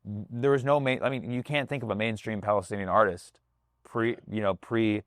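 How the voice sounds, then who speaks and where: A man's voice: fairly low pitch, fairly even intonation, normal speed, no echo, studio quality. A man, a comedian, talking casually on a podcast, loose and profane, slipping into voices to act out other people. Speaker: comedian guest.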